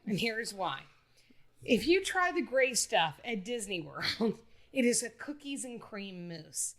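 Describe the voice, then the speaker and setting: Female podcast panelist, high and very lively voice, laughs a lot, swears. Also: slow pace. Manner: animated, laughs often, swears casually. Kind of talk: casual movie-review chat.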